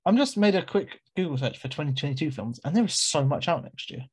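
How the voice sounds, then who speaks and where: A man in his twenties, co-hosting a casual podcast chat, quick and rambling with laughs between remarks. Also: on the high side, lively intonation, a little mellow, breathy edge. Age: 20s. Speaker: podcast co-host.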